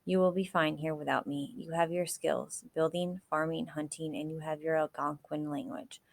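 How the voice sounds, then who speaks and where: A woman voicing a badly wounded male army captain, weak and solemn, with a slow, grave delivery in a storybook reading. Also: sits low, level tone, gravelly.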